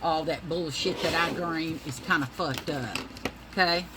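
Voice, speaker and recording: A woman's voice: low voice, a little slow, noisy background. A middle-aged woman, telling rambling, profane stories in a casual monologue and calling her listeners y'all.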